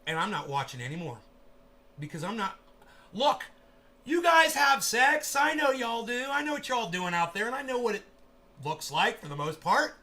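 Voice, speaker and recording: A man livestreaming a profane rant, who swears constantly, bursts into shouting and acts out scenes in quoted voices. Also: very high voice, lively intonation, normal speed.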